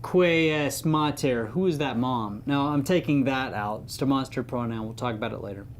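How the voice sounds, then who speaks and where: A man's voice: mid-range voice, fairly quick, slight background noise. A man giving an informal Latin grammar lesson, chatty and playful, leaning on the key words. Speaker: Latin teacher.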